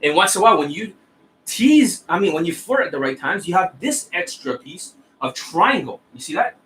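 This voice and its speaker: A man delivers a scornful, profane coaching rant in a bright, forceful voice that sits a little high. He keeps jabbing at his listeners with "right?" and "you see that?", and a faint hiss runs under the recording. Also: big pitch swings, moderate pace, rough recording. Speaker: dating coach. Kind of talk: ranting coaching monologue.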